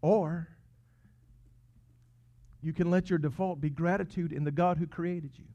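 A man preaching a sermon, earnest and emphatic, swinging between loud peaks and hushed asides. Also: on the high side, fairly even intonation, measured pace. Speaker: pastor. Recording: dull lo-fi sound.

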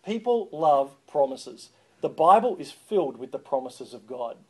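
A man preaching a sermon as a pastor, lively and joking, calling on the congregation to respond. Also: a little high, normal speed, slightly rough.

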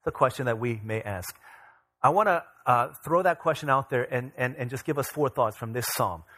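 In a church, a man in his thirties delivers a sermon as pastor, speaking conversationally and with animation and tossing in casual asides. His voice sits mid-range and his pace is moderate.

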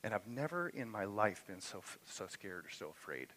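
Bright-voiced middle-aged male pastor preaching. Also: fairly low pitch, very animated, normal speed, low-quality recording. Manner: personal storytelling, rising to impassioned emphasis. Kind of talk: sermon. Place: church sanctuary.

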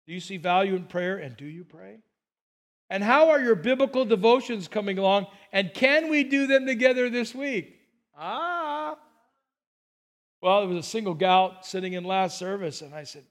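High-voiced older man preaching a sermon. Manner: conversational storytelling with self-deprecating humor. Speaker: pastor.

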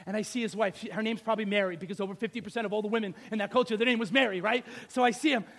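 Very high-voiced animated male preacher. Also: rapid-fire. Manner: animated, rhetorical questions, swings loud and soft. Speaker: pastor. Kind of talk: sermon.

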